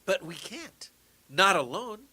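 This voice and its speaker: A man's voice: high-pitched, slow, husky. A man co-hosting a podcast, retelling a show at length with lots of restarts. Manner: talkative, animated retelling with many restarts. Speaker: podcast co-host. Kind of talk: casual chat.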